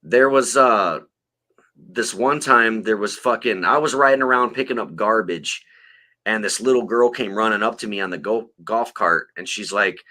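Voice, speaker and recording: A man with a lowish, bright, forceful voice talks at normal speed. Co-hosting a podcast, he tells rambling, profane stories in casual chat.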